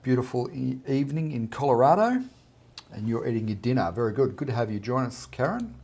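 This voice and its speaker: A man's voice: mid-range voice, expressive, fairly quick, gravelly, darkish tone. A man with an Australian accent, hosting a casual live art chat and greeting viewers by name as he reads out their comments.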